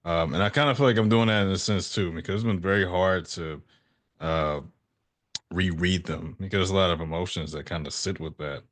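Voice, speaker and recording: A man's voice: deep voice, a bit bright. A man in his thirties hosting a podcast, talking casually and reflectively as he works his thoughts out. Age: 30s. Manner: reflective, talks things through slowly. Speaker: podcast host. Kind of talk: casual conversation.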